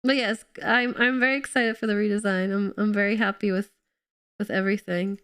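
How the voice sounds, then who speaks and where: A woman streaming a game, chatting casually and excitedly with her viewers while slightly ill and coughing. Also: mid-range voice, fairly quick, smooth. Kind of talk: casual live-stream chat while playing.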